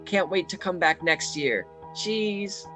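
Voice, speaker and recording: A man's voice: high voice, takes it slowly, sharp tone, faint music behind, exaggerated voice. A man voicing a nervous teen boy, the newest member of a henchman club, trying out a New York accent and rambling hesitantly in improvised comedy. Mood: eager. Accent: attempted New York.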